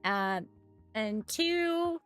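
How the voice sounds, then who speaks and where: A woman's voice: a little high, animated, extremely slow, a bit bright, soft background music. Chatty woman live-streaming while painting. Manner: chatty, laughing often, greets viewers by name.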